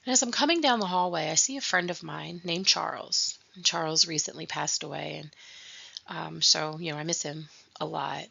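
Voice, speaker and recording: A woman's voice: low voice, moderate pace, creaky, sharp tone, breathy edge. A young adult woman hosting a podcast, telling a personal story of grief in an earnest, reflective way. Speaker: podcast host. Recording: dull lo-fi recording.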